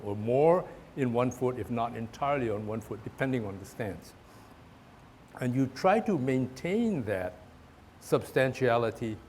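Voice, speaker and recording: A man's voice: medium pitch, darkish tone, a little hiss or hum. A man teaching a tai chi class, explaining and demonstrating moves, often repeating words and restarting his sentences.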